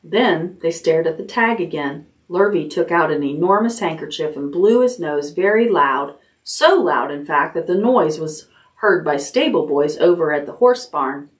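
Gentle woman reading a bedtime story. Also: low voice, animated, moderate pace, distant mic. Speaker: children's librarian. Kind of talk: bedtime read-aloud.

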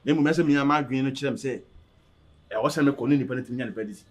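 A man with a Ghanaian accent acting a young man caught in a house dispute, speaking haltingly and repeating words, with music behind him. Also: mid-range voice, natural voice. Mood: pleading. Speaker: actor in a web drama. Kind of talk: dramatic dialogue.

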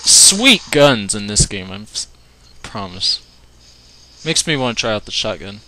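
Lively, goofy man narrating gameplay. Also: fairly low pitch, measured pace, a little hiss or hum. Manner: joking, goofy, yells when in a fight. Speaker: gaming commentator. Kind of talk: let's play commentary.

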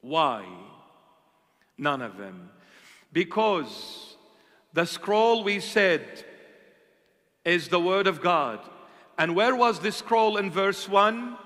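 A man's voice: high voice, animated, pushed and bright. Male bishop, sermon, rhetorical questions, long echo of a church hall. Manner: asks and answers his own rhetorical questions; slow, deliberate emphasis. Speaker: bishop preaching.

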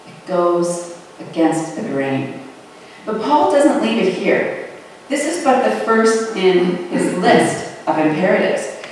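A preacher delivers a sermon at an unhurried, deliberate pace, leaning hard on single words. The voice sounds far from the microphone, with a long reverb filling a large church hall. A faint hiss sits underneath. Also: medium pitch, darkish tone. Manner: measured, with slow drawn-out emphasis on key words.

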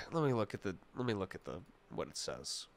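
A man's voice: sits low, sing-song, normal speed, gravelly, sharp tone. A young man streaming, chatting casually with his live chat in a rambling, jokey way, full of restarts and mock-serious asides.

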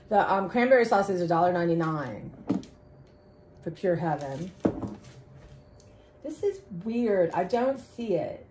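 A woman in her fifties chatting casually to her viewers, rambling and warm with drawn-out "y'all"s and sighs. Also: fairly low pitch, creaky, background noise. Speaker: vlogger. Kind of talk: casual haul chat.

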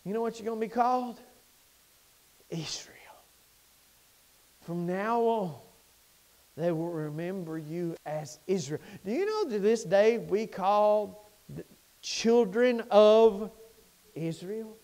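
A man preaching in a church, his voice sitting high and leaping all over the scale. He moves from ringing, fervent declarations to near-hushed asides, working the congregation. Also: animated, slow, pauses often. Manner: impassioned preaching, swings between loud and hushed. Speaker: pastor. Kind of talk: sermon. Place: church sanctuary.

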